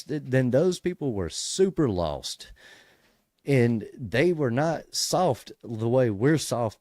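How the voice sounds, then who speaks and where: A man's voice: mid-range voice, a little mellow, no echo, clean studio sound. A man hosting a casual Bible study show, explaining verses in a conversational way, with frequent restarts and sudden emphatic bursts.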